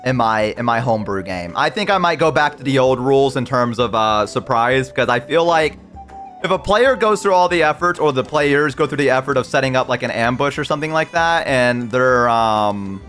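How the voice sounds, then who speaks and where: A man's voice: mid-range voice, a bit bright. A man streaming live, talking casually and rambling as he answers chat mid-sentence.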